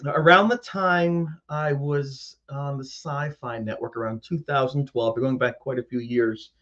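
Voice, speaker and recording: A man's voice: medium pitch, measured pace, highs cut off. A man host telling a personal ghost story to a live audience, acting out his own frightened reactions. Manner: animated storyteller, acts out his own scared voice.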